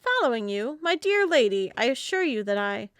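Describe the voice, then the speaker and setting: A woman reading the part of a pompous male swindler who poses as a gentleman with a plummy manner. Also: on the high side, very animated, moderate pace, no room sound, studio quality. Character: smooth-talking male conman posing as gentleman.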